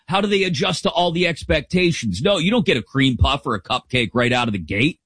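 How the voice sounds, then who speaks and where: A middle-aged man hosting a sports talk show, giving casual, opinionated commentary in an animated, jokey way. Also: on the high side, brisk, slightly rough, no echo. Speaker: sports podcast host.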